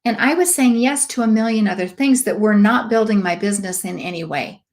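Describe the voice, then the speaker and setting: A woman in her late fifties, a sales director giving a motivational talk, telling lively stories and acting out the voices of people she quotes. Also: medium pitch, a little fast. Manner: emphatic, preachy asides.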